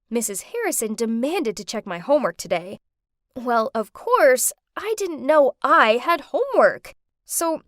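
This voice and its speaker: Animated female storyteller. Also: a little high, no echo, studio quality. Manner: expressive, animated. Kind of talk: scripted narration of an animated story.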